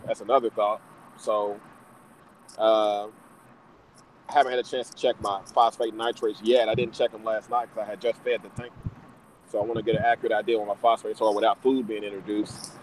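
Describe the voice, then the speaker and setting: A man's voice: fairly low pitch, flat delivery, brisk, a little hiss or hum, rough recording. A man in a casual group chat about reef tanks, talking in a laid-back way and repeating himself while he thinks. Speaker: reef hobbyist, chat participant.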